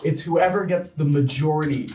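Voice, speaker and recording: A man narrating a tabletop game as game master, in a brisk, easygoing way with many fillers. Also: a little high, darkish tone. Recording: echoey room, far from mic.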